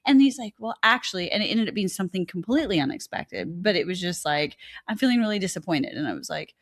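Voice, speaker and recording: A woman's voice: lowish voice, quick pace, dry recording, clean studio sound. A woman co-host telling stories in casual podcast chat, acting out what people said. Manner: animated storyteller, acts out quoted dialogue.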